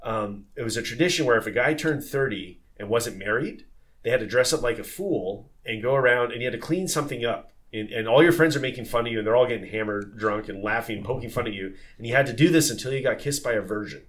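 A man in a relaxed podcast conversation tells old sailing stories with lively energy. He talks in a loose way, full of fillers, restarts and repeated words. His voice sits at an ordinary middle pitch. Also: quick pace. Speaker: former tall ship sailor.

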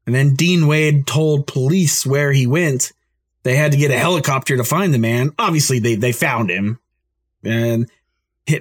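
A man hosting a podcast, telling a story in a casual, rambling way and laughing often. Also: mid-range voice. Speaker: podcast host.

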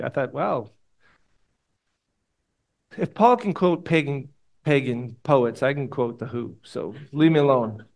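A man preaching a sermon to a congregation. He talks with passion, jumps from loud urgent appeals down to soft prayer, and his pitch rises and falls a lot. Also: sing-song, unhurried, pauses often. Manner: passionate, swings between loud exhortation and quiet prayer. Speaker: pastor. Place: church room with congregation.

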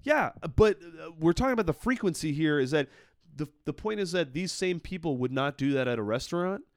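A man's voice: on the high side, expressive, a little fast, no echo, clean studio sound. A man co-hosting a casual podcast, ranting with heavy swearing. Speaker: podcast co-host. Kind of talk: casual chat.

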